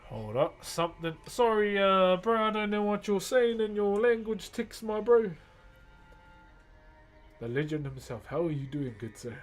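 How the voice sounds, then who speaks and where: Brief: relaxed New streamer, talky and friendly, fairly high for a man, quiet music underneath. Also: measured pace. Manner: relaxed, chatty, thanks viewers often. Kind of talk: casual live-stream chat while working.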